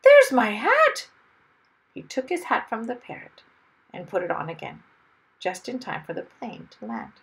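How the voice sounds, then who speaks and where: Woman, children's story read aloud, expressive, animated pitch, slightly gravelly. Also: normal speed, low-quality recording. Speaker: storybook reader.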